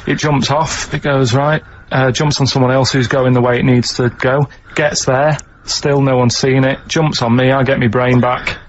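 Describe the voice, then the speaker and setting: A man who is a regular on a radio show, laying out his ideas in a plain, deadpan, matter-of-fact way. The broadcast is muffled, with a clear hiss behind his voice. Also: mid-range voice, normal speed, few pauses. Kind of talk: casual radio banter.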